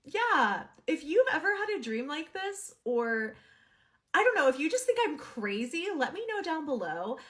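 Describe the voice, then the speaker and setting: A woman's voice: high-pitched, very animated, moderate pace, a bit bright. Chatty woman telling a dream storytime. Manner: chatty and candid, swears, acts out quoted dialogue. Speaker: TikTok storyteller. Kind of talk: casual storytime to camera.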